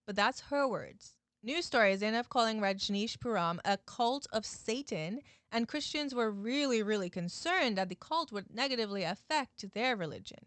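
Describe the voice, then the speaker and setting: A woman's voice: mid-range voice, a bit bright, no echo. A woman YouTube host recapping a story in a chatty, casual way, talking straight to her viewers. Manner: chatty, addresses viewers, many "like" fillers.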